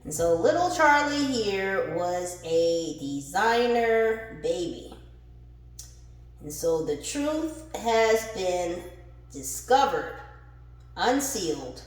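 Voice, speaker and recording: Slow-talking tarot reader woman, echoey room. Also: medium pitch. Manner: animated and laughing, swears freely, addresses viewers as collective. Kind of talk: casual spiritual reading.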